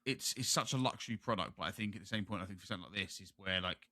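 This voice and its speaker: A man's voice: deep voice, racing, sharp tone, dry recording, studio quality. A British man hosting a gaming podcast, chatting casually in a rambling, jokey way. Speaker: podcast host. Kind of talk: casual chat.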